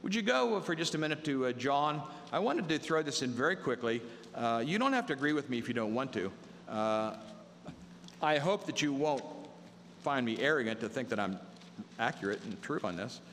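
Bright-voiced preacher in a reverberant hall. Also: male voice, mid-range voice, expressive, moderate pace, slight background noise. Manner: conversational storytelling, mimics voices for humor. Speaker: pastor. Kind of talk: sermon.

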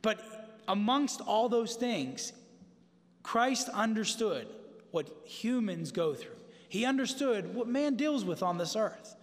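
A man preaching in a conversational, emphatic way, with a high, light voice for a man. His words ring out with a long reverb, as though he stands in a large, echoing church sanctuary. He keeps turning to the congregation with asides. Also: expressive, slow. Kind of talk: sermon.

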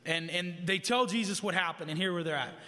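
A man delivers an earnest sermon in a high, bright voice, talking plainly to the people in front of him. He drives points home by repeating them. His voice carries a long hall reverb. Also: fairly quick. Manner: earnest, conversational preaching with repetition. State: living with heart disease, tires easily. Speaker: preacher. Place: room with an audience.

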